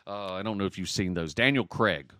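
A man's voice: sits low, fairly quick, dry recording, clean studio sound. A man co-hosting a podcast in casual chat, going off on tangents and apologizing for it. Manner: tangent-prone, apologetic, animated storyteller. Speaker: podcast co-host.

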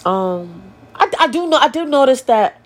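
Young woman, solo podcast host, stuffy nose; raw, swearing, confessional delivery with a lively, swinging pitch. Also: normal speed. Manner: blunt, profane, emotional and confessional. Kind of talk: candid solo podcast monologue.

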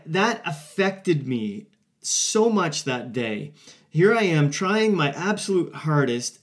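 A man in his forties hosting a podcast, telling a personal story in an earnest, conversational way with frequent fillers and restarts. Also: medium pitch. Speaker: podcast host. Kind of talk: casual solo podcast monologue.

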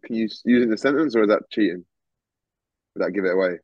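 A man's voice: fairly low pitch, fast talker, breathy edge, no room sound. A man, a guest musician, chatting casually and loosely, with plenty of slang and swearing. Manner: lively, swears freely, lots of slang. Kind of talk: casual interview chat. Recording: dull, dry recording.

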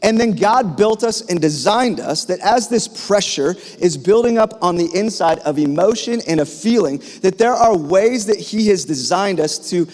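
A man's voice: high-pitched, animated, moderate pace, few pauses, a little mellow. Pastor man preaching in a reverberant hall. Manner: storytelling, with frequent fillers and restarts. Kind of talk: sermon.

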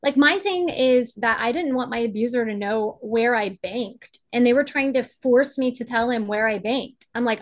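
A woman's voice: fairly high pitch, normal speed, hardly any pauses. A woman advocate speaking as a guest on a podcast, talking with passion and emphasis, often acting out what others said. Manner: impassioned, emphatic, acts out quotes. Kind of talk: podcast interview.

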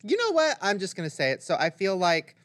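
A woman co-hosting a casual chat show, excitable and giggly, exclaiming often. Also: medium pitch, fairly quick. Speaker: co-host.

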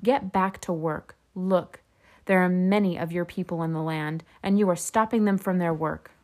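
Woman doing a scornful king, slow and emphatic, lowish voice, barking orders. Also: steady tone, darkish tone, close to an everyday voice. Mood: scolding. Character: scornful male king, harsh and commanding.

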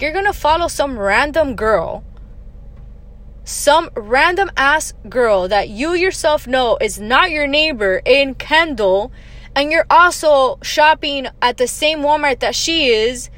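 A young woman hosting her own podcast, telling a story as a casual rant in a blunt, profane and exasperated way, rushing ahead and then dropping into low muttered asides. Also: fairly bright tone. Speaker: podcast host.

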